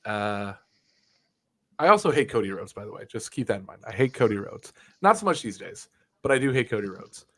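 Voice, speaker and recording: A man's voice: fairly low pitch, sing-song, fairly quick. Young man rambling and swearing. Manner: profane, rambling storytelling, full of restarts. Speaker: guest, wrestling videographer. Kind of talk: casual chat.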